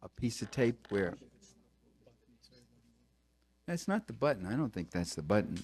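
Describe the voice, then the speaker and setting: A New York man lectures to an audience in a college lecture hall, using a handheld mic that keeps cutting out. His voice is on the low side, a little mellow and husky, fairly quick, with big pitch swings. He's sardonic and mocking, tossing in wry complaining asides.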